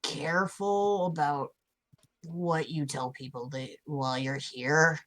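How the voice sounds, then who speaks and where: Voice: mid-range voice, steady tone, takes it slowly, fairly bright tone. A tabletop game player speaking in character, giving the group careful warnings with many ums.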